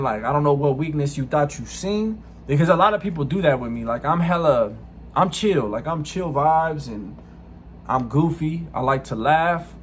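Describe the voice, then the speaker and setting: Male storyteller, slightly high voice, slangy casual delivery, acts out quoted dialogue, faint background hiss. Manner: slangy and loose, many "you know what I'm saying" fillers; acts out quoted speech in a raised voice. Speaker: storyteller recounting prison time.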